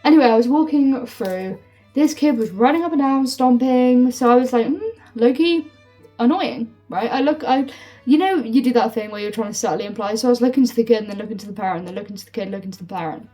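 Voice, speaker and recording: A young woman telling a storytime vlog, swearing freely and filling her talk with "like", heated and animated. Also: a little high, quick pace. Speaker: storytime vlogger. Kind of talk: casual storytime rant. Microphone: phone. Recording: phone mic from a distance with faint music.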